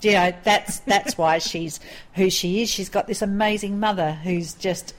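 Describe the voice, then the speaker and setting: A woman co-hosting a casual podcast chat, talking in an enthusiastic, chatty way with quick asides. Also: medium pitch. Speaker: podcast co-host. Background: call to prayer in the background.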